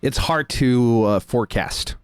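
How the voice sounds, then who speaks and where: A man's voice: mid-range voice, measured pace, clear, resonant tone, dry recording, clean studio sound. A man hosting a live game stream, chatting casually with lots of fillers and restarts. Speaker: stream host.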